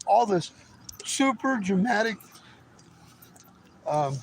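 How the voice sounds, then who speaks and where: Slowly and in a sing-song, high-pitched voice, a male guest recounts his testimony in a loose, swearing, offhand style, imitating the voices of characters in the story. Background noise runs throughout.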